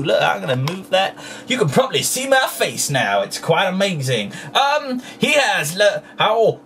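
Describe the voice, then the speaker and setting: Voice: mid-range voice, a little slow, recorded from a distance. Toy vlogger at home, goofy kiddy talk, voice all over the place, bit of hiss. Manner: playful, put-on broken childlike grammar, squeals with excitement. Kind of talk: casual toy review to camera. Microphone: camera close up.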